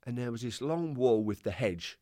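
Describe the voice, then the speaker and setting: A man, a former footballer, telling a funny anecdote as a podcast guest in a lively storytelling manner. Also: medium pitch, normal speed, no room sound, clean studio sound. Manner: lively storyteller, jumps into voices.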